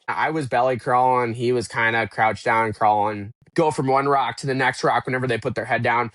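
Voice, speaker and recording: A man's voice: mid-range voice, a bit bright, no room sound. A man as a podcast guest who tells a story with energy and acts out his own past thoughts. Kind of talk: casual storytelling interview.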